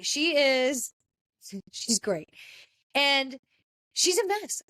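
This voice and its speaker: A woman's voice: high-pitched, big pitch swings, very slow, sharp tone. A woman hosting a podcast, chatting casually and gushing about a reality TV reunion, with frequent fillers. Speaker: podcast host.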